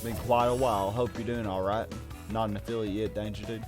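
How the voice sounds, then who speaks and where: A man with a fairly low voice hosts a casual game stream, talking in a loose, rambling way and often restarting his sentences. He greets each viewer by name between races. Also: fairly even intonation, a little fast, music in the background. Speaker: streamer hosting a game session. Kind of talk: casual gaming stream chat.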